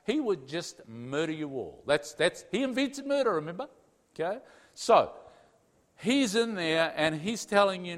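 A fairly high-voiced man preaches in a chatty, animated way and keeps tossing "okay?" to his listeners. His voice rings out with a long reverb from a large hall. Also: unhurried. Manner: animated, tags sentences with "okay?". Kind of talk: conversational sermon.

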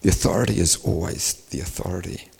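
Gravelly male preacher in a reverberant hall. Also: deep voice, steady tone, fast talker, darkish tone. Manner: storytelling, acts out dialogue, rising to emphatic peaks. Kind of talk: sermon.

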